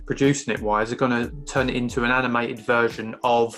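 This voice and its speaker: A man's voice: medium pitch, little pitch movement, fairly quick, fairly bright tone, soft background music. A man with an English accent hosting an interview, asking long, rambling questions with repeated words. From East Anglia, England. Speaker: podcast host. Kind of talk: casual interview chat.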